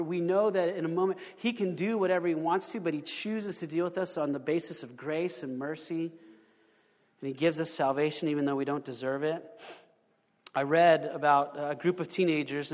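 High-voiced man preaching in a reverberant hall. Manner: conversational preaching with rhetorical questions and repetitions. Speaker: pastor. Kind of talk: sermon.

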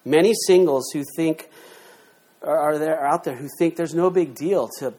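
A man's voice: a little high, normal speed. Emphatic man preaching. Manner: emphatic, rhetorical questions, lively shifts in loudness. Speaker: pastor. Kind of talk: sermon.

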